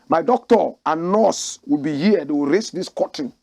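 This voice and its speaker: Gravelly, husky Ghanaian man preaching. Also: on the high side, expressive, normal speed. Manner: forceful, preaching, slogan-like. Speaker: commentary show host. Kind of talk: opinionated political commentary.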